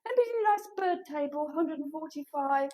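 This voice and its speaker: A woman's voice: sits high, animated, fast talker, darkish tone, poor audio. A woman running a shop, chatting and rambling on a live stream as she walks through her shop. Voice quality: chatty, rambling, self-deprecating. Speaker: shop owner. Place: furniture shop, indoors.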